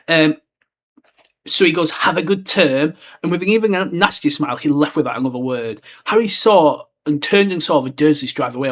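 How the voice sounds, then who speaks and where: A young man hosting a casual podcast, rambling through a book chapter and slipping into quick character voices. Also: fairly high pitch, a bit bright. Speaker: podcast host.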